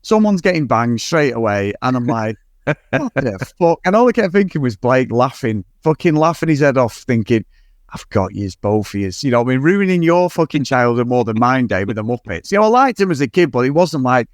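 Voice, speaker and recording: A man's voice: mid-range voice, sing-song, fairly quick, no echo, clean studio sound. A man co-hosting a podcast, chatting about a film in a rambling, sweary way and laughing often. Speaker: podcast co-host. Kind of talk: casual film review chat.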